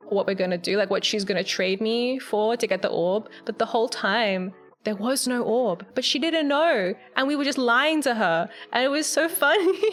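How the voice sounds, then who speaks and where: A woman streamer recapping a game in casual, chatty storytelling, often breaking into giggles. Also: fairly high pitch. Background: faint background music.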